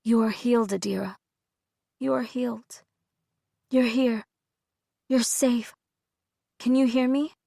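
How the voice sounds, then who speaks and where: Brief: a woman doing a soft, steady caretaker, slow and soothing, dry studio read. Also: fairly high pitch, dry recording. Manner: soothing, measured, firm. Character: calm, soothing middle-aged female caretaker. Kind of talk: audiobook character voice.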